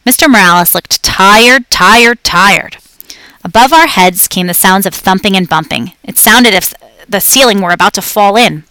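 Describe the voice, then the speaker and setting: A woman reads a children's story aloud with clear, lively storytelling. Her voice sits at a middle pitch. The recording is dry, with no room sound. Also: normal speed, no echo. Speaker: audiobook reader. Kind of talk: scripted storybook narration.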